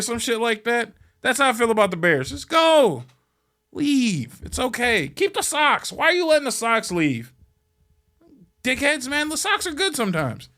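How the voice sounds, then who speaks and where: A man from Chicago hosting a podcast, ranting in a blunt, profane, heckling way that swings between muttered asides and loud outbursts. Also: very high-pitched, sing-song, normal speed. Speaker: podcast host. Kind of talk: ranting casual monologue.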